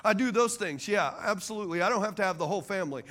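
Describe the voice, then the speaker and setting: Leading his congregation as pastor, this man delivers a sermon and repeatedly asks the crowd for amens and agreement in call-and-response fashion. He speaks rapid-fire in a high-pitched, animated, slightly bright voice.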